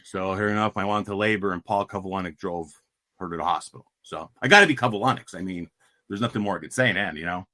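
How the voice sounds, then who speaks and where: A man's voice: low voice, quick pace, bright, forceful tone, dry recording, clean studio sound. A middle-aged man from Pennsylvania, a former player and guest, telling stories casually with many fillers and restarts. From Pennsylvania coal region. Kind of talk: casual storytelling.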